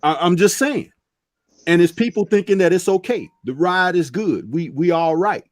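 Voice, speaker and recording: A man's voice: sits high, lively intonation, normal speed, no room sound. A man on a boxing talk panel speaking earnestly and preachily, driving his points home with "okay" asides. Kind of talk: casual panel chat.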